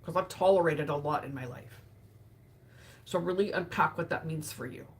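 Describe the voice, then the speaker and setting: Tearful woman talking slow and soft on a livestream, bit of fry, lowish voice, lots of sighs. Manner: emotional, soft-spoken, with sighs and pauses. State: tearful, grieving. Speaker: host of a live session. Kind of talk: reflective live talk.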